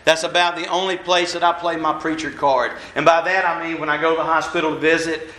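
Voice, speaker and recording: A minister gives a folksy, self-deprecating, conversational sermon while walking around an echoey church hall. His voice is a little high, bright and forceful, with a flat delivery, and he talks fast.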